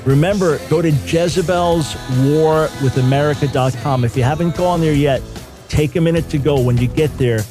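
A man's voice: fairly high pitch, normal speed, music in the background. Older man hosting a call-in radio show. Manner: earnest, conversational, repeats words when starting sentences. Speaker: radio talk show host. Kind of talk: call-in radio Bible teaching. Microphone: studio microphone.

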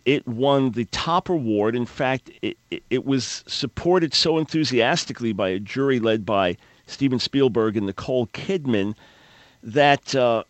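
A man's voice: mid-range voice, dry recording. A man hosting a talk radio show, delivering an opinionated monologue with sarcasm and frequent stammered restarts.

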